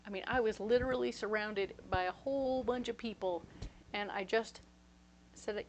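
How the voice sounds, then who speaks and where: A woman's voice: medium pitch, moderate pace, slight background noise, rough recording. A woman giving a casual tarot reading, chatty and reassuring, checking in with her listeners as she talks. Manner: storytelling with acted-out voices. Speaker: tarot reader.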